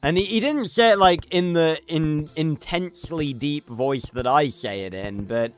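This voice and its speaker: A man's voice: on the high side, a little slow. A man livestreaming a game, chatting casually and rambling with lots of fillers and restarts. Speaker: streamer. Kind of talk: casual gameplay livestream chat.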